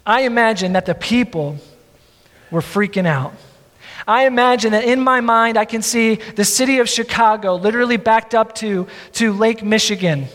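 A male pastor preaching a sermon with earnest, drawn-out emphasis and self-deprecating asides. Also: sits high, fairly bright tone, long reverb tail.

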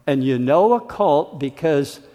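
A man's voice: on the high side, animated, unhurried, dark tone. A man preaching a sermon, emphatic and dramatic, acting out the voices of the people he quotes. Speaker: pastor. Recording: reverberant church hall.

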